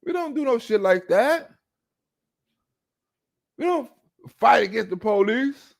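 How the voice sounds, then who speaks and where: A man's voice: very high voice, expressive, slow, vocal fry, long pauses. A man giving a profane, mocking political monologue as a streamer. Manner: mocking, rants and acts out chants.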